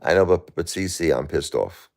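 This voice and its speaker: A man's voice: rumbling low, animated, moderate pace, gravelly, a little mellow. A man in his forties, a livestream host, talking heatedly and repetitively in an emotional chat with a viewer.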